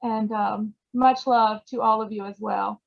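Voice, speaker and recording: A woman, her voice a bit higher than most, speaks through tears in a halting, choked-up way, filling pauses with "um." The sound comes over a video call and is dull and lo-fi. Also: fairly even intonation, creaky. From Georgia, USA. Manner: choked up, halting, many fillers. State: tearful. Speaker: award recipient. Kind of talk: emotional acceptance speech.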